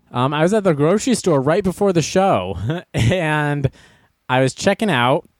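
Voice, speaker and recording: Animated, joking male talk-show host. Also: medium pitch, dry recording, clean studio sound. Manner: playful, laughs often, reads news items aloud with wisecracks.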